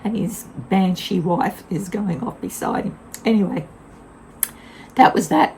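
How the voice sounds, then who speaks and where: A woman's voice: medium pitch, measured pace, darkish tone, a little hiss or hum, low-quality recording. An older woman tells a casual vlog story in a blunt, candid way, laughing often. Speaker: vlogger.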